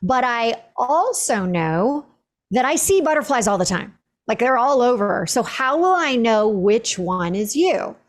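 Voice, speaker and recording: A woman hosting a podcast interview, telling a personal story in a lively conversational way, full of "like" fillers. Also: on the high side, measured pace. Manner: animated storytelling with many "like" fillers. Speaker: podcast host.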